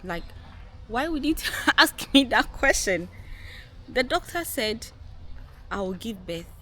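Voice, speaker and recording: A young woman vlogger telling a personal story to her viewers in a casual, animated way, laughing often and acting out what people said. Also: on the high side, takes it slowly. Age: young adult. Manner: animated, laughing, acts out quotes.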